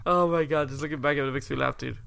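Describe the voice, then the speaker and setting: A young man co-hosting a podcast, telling stories in casual chat, laughing often and acting out quotes in high voices. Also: steady tone, fast, gravelly, fairly bright tone, dry recording. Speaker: podcast co-host.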